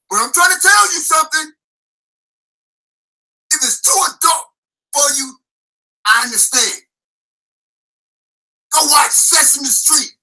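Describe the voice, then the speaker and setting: A man holds forth on his own live-stream show in a loud, preachy rant. He shouts often, swears freely and keeps turning to his listeners, pressing them to answer him. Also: extremely high pitch, rough recording. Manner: repeats "ladies and gentlemen". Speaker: livestream show host.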